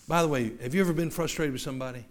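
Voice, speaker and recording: A man with a Southern accent delivers a sermon in a slightly high voice. He talks to his congregation conversationally, stumbling over repeated words and tossing in asides. He preaches from a church. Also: rapid-fire. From American South. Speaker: pastor.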